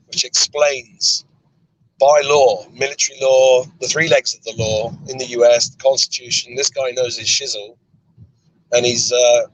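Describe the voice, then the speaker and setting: A man's voice: medium pitch, slightly rough, rough recording. An English man hosting a casual road-trip chat from inside a car, joking and teasing his guest. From England. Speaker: host.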